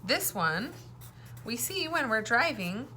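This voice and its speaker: A woman teaching an early-reading phonics lesson, speaking slowly and clearly and prompting children to repeat words after her. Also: a little high, very animated, sharp tone, a little hiss or hum. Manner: slow, clear, encouraging teacher talk with call-and-response prompts.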